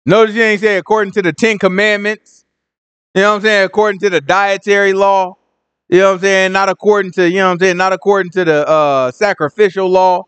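A man teaching Bible study in casual, animated commentary, full of slang and "you know what I'm saying". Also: sits high, brisk, smooth. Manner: animated and joking.

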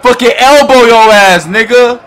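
A man hosting a basketball reaction video, talking in a loud, hyped, profane way and often shouting at the screen. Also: very high-pitched, measured pace, smooth. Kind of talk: excited basketball reaction commentary.

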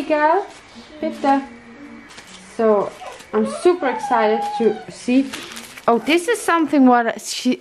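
A young woman with a high voice unpacks craft mail at home in a casual chat. She gushes, gasps and thanks the sender again and again. She talks at an unhurried pace. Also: darkish tone. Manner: gushing, gasping, effusive thanks. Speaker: craft vlogger opening mail.

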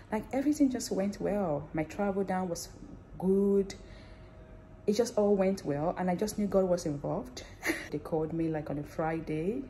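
A woman nurse in a casual vlog, sharing her news excitedly and laughing often as she talks straight to her viewers. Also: fairly low pitch, a little hiss or hum. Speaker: nurse and theatre manager.

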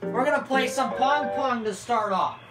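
A young adult with a nearly lost, hoarse voice gives excitable let's-play commentary, swearing loudly at the game. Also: mid-range voice, normal speed. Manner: loud outbursts and heavy swearing at the game. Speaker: gaming channel host. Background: game music.

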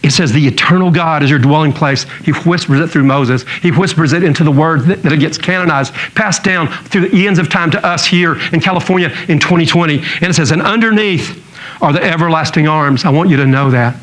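A man's voice: fairly high pitch, a little fast, a bit bright, poor audio. A man preaching a sermon in a church, telling stories in a joking way and acting out the people he quotes. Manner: storytelling, jokey, acts out quotes. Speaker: pastor.

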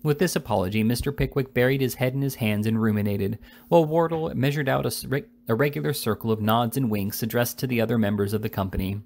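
Gravelly male audiobook narrator. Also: medium pitch. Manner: steady, measured storytelling. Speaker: reader. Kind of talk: audiobook narration of a classic novel.

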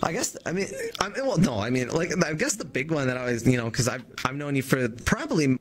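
A man's voice: medium pitch, sing-song, fast. A man in a casual conversation, asking questions in a hesitant, stumbling way.

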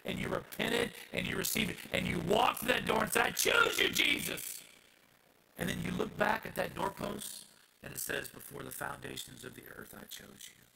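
A man preaching a sermon as pastor, swinging from hushed asides to loud shouted passages. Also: high voice, big pitch swings, moderate pace, creaky, low-quality recording.

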